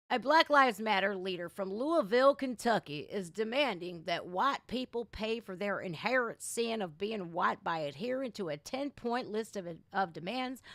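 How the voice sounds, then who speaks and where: A woman's voice: medium pitch, vocal fry, a bit bright, dry recording, clean studio sound. A woman hosting a reaction livestream from home, reading aloud and cutting in with blunt, sarcastic remarks and swearing. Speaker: livestream host. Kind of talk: reaction commentary.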